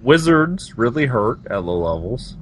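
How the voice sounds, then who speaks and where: A man's voice: medium pitch, big pitch swings, measured pace, fairly bright tone, a little hiss or hum. A man hosting a casual gaming podcast, teasing his co-hosts and steering the talk. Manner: teasing, drives the conversation. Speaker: podcast host. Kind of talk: casual chat.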